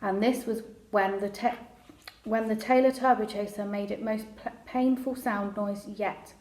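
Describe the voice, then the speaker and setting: A woman reading a children's novel aloud chapter by chapter, in a relaxed, conversational way with small restarts. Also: mid-range voice, measured pace. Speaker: storyteller. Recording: roomy echo.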